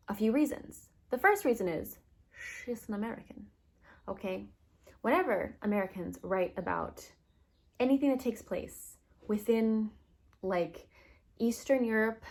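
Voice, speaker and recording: A young woman vlogging about books, ranting casually with lots of fillers and short wry laughs. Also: mid-range voice. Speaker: book vlogger. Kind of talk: casual opinion rant.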